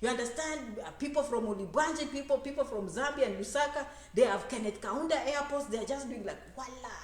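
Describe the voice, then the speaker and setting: A woman with a high voice gives an animated talk about immigration, playing out voices and hammering points home with repetition. Her voice rings through a roomy, echoing space. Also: a little fast, soft background music. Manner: animated, acts out quoted voices, repeats phrases for emphasis. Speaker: immigration advisor and speaker. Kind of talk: lively motivational talk to an audience. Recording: echoey room.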